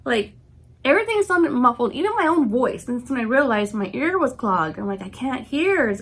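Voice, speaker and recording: A woman's voice: a little high, animated, a little fast, husky. A woman in her forties, sick and congested, telling a long casual story to camera with lots of "I'm like" and acted-out quotes. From California, USA. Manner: chatty, retells scenes with "I'm like" and quoted reactions. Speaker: vlogger.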